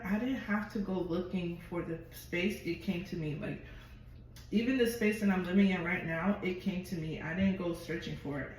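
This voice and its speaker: A woman vlogger telling a personal story in a chatty, expressive way and swearing freely. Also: lowish voice, distant mic. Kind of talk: casual storytelling to camera. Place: at home. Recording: very echoey room, voice from afar, noisy.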